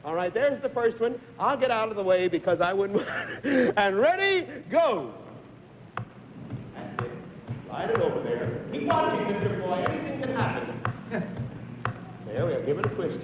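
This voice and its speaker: A man hosting a live TV game show, briskly explaining stunts and coaxing contestants on, heard through a 1950s broadcast recording. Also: high voice, very animated, noisy background. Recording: dull 1950s TV broadcast with long reverb.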